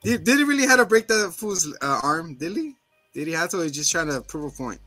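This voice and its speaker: Male podcast co-host, bright forceful voice, animated storyteller, dry close recording. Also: a little high, brisk, no echo, faint music behind. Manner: animated, acts out scenes in quotes, laughs. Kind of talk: casual recap chat.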